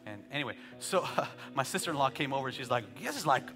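A man in his thirties preaching a sermon as pastor, telling joking family stories and building to shouted calls for praise. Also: mid-range voice, expressive, quick pace, in a large hall, faint music behind. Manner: joking asides, conversational storytelling.

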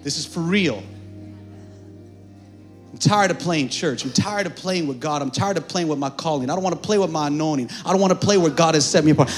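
A male pastor preaching a sermon in a church, calling on the congregation to answer back and swinging between hushed asides and shouting. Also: a little high, brisk, soft background music.

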